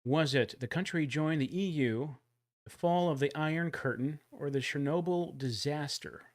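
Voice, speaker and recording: A man's voice: a little high, moderate pace. Joking man hosting a livestream trivia game. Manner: jokey, animated, loud countdowns. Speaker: livestream host running a trivia giveaway. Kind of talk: casual livestream chat.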